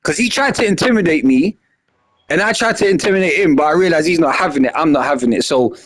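A young man telling a story casually, animated and slangy, acting out what was said. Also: a little high, fast talker. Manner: animated, slangy, acts out his own lines loudly.

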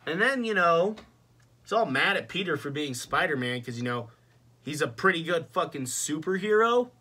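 A man's voice: a little high, expressive, normal speed, sharp tone, breathy edge. A young man ranting casually and profanely in a movie review vlog, exasperated. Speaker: vlogger.

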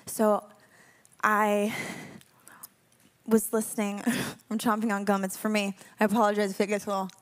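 A woman's voice: mid-range voice, little pitch movement. A young woman leading a spoken prayer and then telling a personal story to a congregation, chatty and candid, laughing often. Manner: hushed and slow in prayer. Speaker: worship leader speaking to a congregation.

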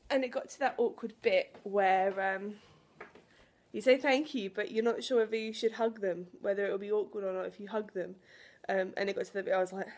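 Speaking a little fast in a steady, mid-range tone, this twenty-something woman records a casual vlog indoors at home. Her talk is chatty and emotional, broken up by laughs and sighs.

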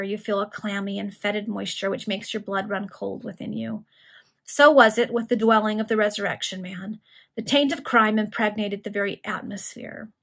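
Husky-voiced woman reading a Victorian serial. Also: medium pitch. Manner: steady narration, with casual asides. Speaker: reader.

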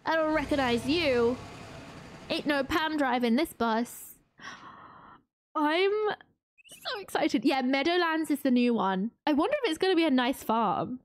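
A woman streaming a game who gushes with excitement and chats with her viewers. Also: high voice, normal speed, no echo, studio quality. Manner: gushing, excitable, chatting with viewers. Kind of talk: casual live-stream commentary.

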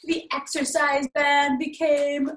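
Upbeat woman teaching acting, slow and clear. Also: high voice, flat delivery, fairly bright tone, a little hiss or hum. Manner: upbeat, encouraging, playful. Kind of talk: drama workshop for kids. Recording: echoey home room.

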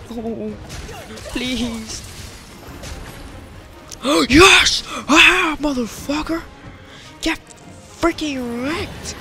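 Panicky, swearing young gamer guy. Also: very high-pitched. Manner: panicky, yelling, swearing outbursts. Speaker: let's play gamer. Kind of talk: live gameplay commentary. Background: game music.

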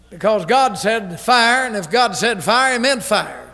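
A pastor preaching a fiery revival sermon, forceful, stern and emphatic, from an old radio broadcast. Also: male voice, high-pitched, expressive, measured pace, vocal fry, hardly any pauses. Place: church sanctuary. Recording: reverberant church hall on old radio broadcast.

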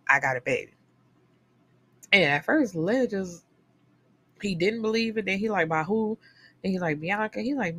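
A woman with a slightly low voice tells a book's plot in a loose, animated way, swearing freely and slipping into the characters' lines as she goes. It is casual talk for a book podcast, with faint noise in the background. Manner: animated storytelling, profane, swings into character quotes.

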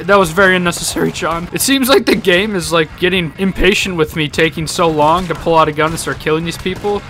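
A young man narrates his gameplay with playful jokes and frequent laughter. His voice is bright and forceful, and it sits a little high. He yelps and groans through his mishaps. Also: fairly quick, soft background music. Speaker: gaming YouTuber. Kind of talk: let's-play commentary.

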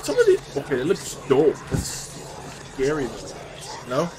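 A man's voice: fairly high pitch, huge pitch swings, moderate pace, noisy background. Jumpy young man playing a horror game. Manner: jumpy, exclaims "oh" a lot, jokey. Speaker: gaming YouTuber. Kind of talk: horror game playthrough commentary.

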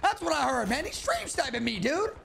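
High, gravelly young man streaming a game. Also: wildly swooping pitch, brisk, slight background noise. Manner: brash, profane, hyped slang. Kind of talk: gaming commentary over gameplay. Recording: loud background music and gunfire. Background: game gunfire and loud music.

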